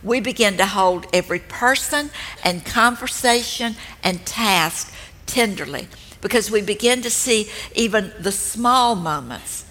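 An older woman giving a slow, gentle and earnest devotional teaching talk. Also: medium pitch, animated. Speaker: speaker at a women's ministry event. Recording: long hall reverb.

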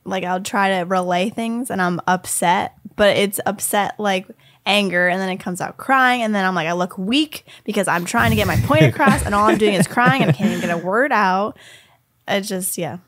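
A woman's voice: medium pitch, fairly bright tone. A woman in casual chat, earnest and speeding up as she explains. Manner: earnest, rushes when upset.

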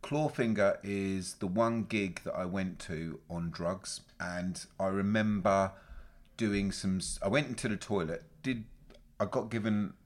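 Sweary, animated man chatting. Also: deep voice, a little slow. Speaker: podcast co-host. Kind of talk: casual chat.

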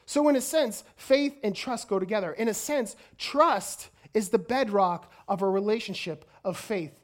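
A woman preaching a sermon in an energetic way, often stumbling and repeating words as she goes. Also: mid-range voice, normal speed.

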